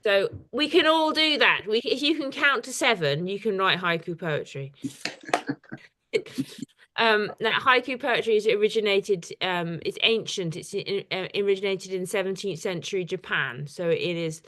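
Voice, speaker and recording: Woman running a little poetry workshop on a video call, lots of ums, chatty and a bit scattered, normal pitch. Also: normal speed, bright, forceful tone. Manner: chatty, hesitant with many fillers. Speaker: artist leading a poetry workshop. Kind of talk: informal workshop teaching.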